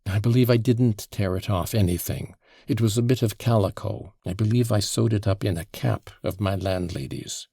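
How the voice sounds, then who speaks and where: A man reading an audiobook, voicing an agitated young former soldier under questioning who turns defensive and bursts out loudly. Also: on the low side, moderate pace, vocal fry, breathy edge, no room sound, clean studio sound. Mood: evasive. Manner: defensive, flaring into loud outbursts.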